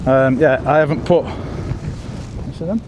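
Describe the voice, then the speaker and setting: Breathless, excitable man fishing on a windy shore. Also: mid-range voice, slow pace. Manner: excitable, chatty, talks to viewers. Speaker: fishing vlogger. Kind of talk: casual outdoor commentary to camera. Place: windy seashore outdoors. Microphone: phone. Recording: phone on a windy shore, wind noise.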